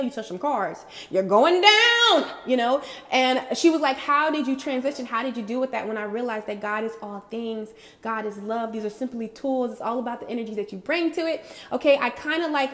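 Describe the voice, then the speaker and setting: A woman vlogger giving a casual, bubbly spiritual pep talk to her viewers, slangy and affectionate, laughing often. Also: on the high side. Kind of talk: casual motivational talk to camera.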